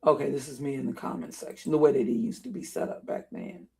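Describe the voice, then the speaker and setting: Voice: mid-range voice, fast, gravelly, a little mellow. A live streamer talking casually while browsing, thinking aloud, often repeating and restarting phrases as frustration builds.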